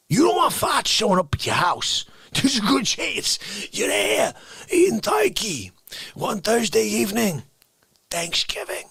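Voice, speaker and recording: A man hosting a live comedy stream, ranting through an unscripted monologue that swings between shouting and hushed whispers. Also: sits high, very animated, unhurried, vocal fry, husky, dry recording.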